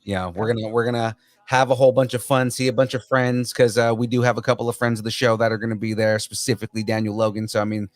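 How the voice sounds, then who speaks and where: A man's voice: mid-range voice, little pitch movement, quick pace, few pauses, dry recording. A man co-hosting a pop-culture podcast, chatting enthusiastically and rambling with restarts. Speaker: podcast co-host. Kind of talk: casual chat.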